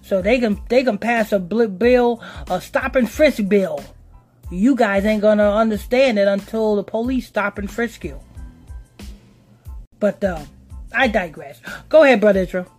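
A woman co-hosting a casual talk podcast, speaking bluntly and emphatically. She keeps circling back to her points and repeats them for weight. Faint music runs softly underneath, and her pitch sits mid-range for a woman. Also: a little slow. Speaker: podcast co-host. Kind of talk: casual commentary chat.

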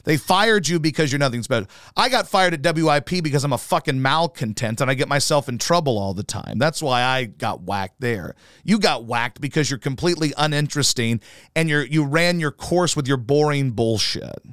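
A man's voice: medium pitch, animated, normal speed, a bit bright, no room sound, clean studio sound. Profane ranting male podcast host. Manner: profane, combative, rambling.

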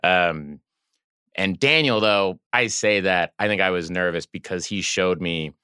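A man guest on a podcast telling animated stories about filming, acting out the people he quotes. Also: low voice, measured pace, clear, resonant tone, no echo, clean studio sound. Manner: animated, acts out quoted voices. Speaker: guest actor and director. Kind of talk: casual storytelling chat.

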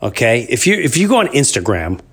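A man in his fifties hosting a podcast, telling a rambling story in a casual monologue that jumps into loud disbelief. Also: mid-range voice, sing-song, fairly quick, slightly rough. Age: 50s. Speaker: podcast host.

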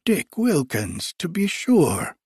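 Man doing an old miser in breathy half-whispers. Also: fairly high pitch, wildly swooping pitch, slow pace, a little mellow, no echo, clean studio sound, pitched above the performer's own voice, heavily acted. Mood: fond.

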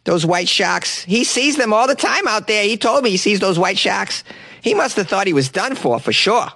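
A man doing a worried middle-aged woman, slow and fussing. The voice is pitched high above his own and sounds dry and close. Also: animated, vocal fry, bright, forceful tone, no echo, heavily acted. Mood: fretful.

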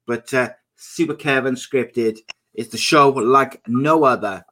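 Young guy hosting a live podcast, upbeat, chatty, mid pitch. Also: slow, bright, forceful tone. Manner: upbeat, reads out viewer comments. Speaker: podcast host. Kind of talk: casual live podcast chat.

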